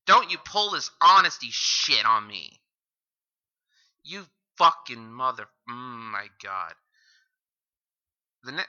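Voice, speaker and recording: A man's voice: mid-range voice, big pitch swings, takes it slowly, pauses often, bright, forceful tone. A man hosting a reaction commentary, heckling and insulting the video with constant swearing. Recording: dull lo-fi mic.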